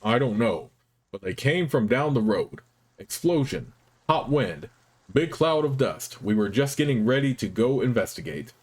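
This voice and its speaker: A man voicing a calm, steady veteran swordmaster, reading his lines in a measured way. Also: medium pitch, husky.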